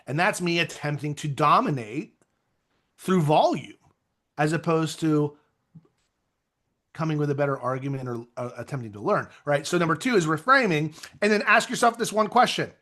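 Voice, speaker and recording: A man coaching real estate agents in an energetic, conversational motivational talk with self-deprecating asides. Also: a little high, normal speed.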